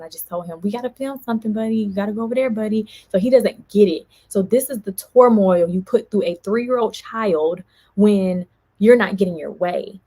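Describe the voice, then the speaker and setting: A woman vlogger, venting in an animated storytime and quoting others as she goes. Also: medium pitch, gravelly, husky. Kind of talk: casual storytime vlog.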